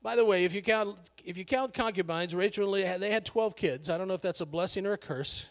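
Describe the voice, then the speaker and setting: High-voiced joking male pastor. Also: fast, in a large hall. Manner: conversational and joking, laughs often. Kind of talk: sermon.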